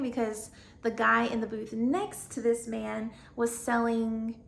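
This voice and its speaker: A woman's voice: on the high side, fairly even intonation, normal speed, creaky, slight background noise. A young woman with a Southern US accent, chatting casually and bubbly in a home decor vlog, laughing often.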